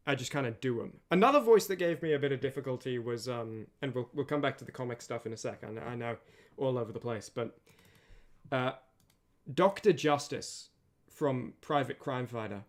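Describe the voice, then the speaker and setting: A tired man chatting casually on a stream as its host, rambling with many restarts. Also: mid-range voice. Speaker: streamer and voice animator.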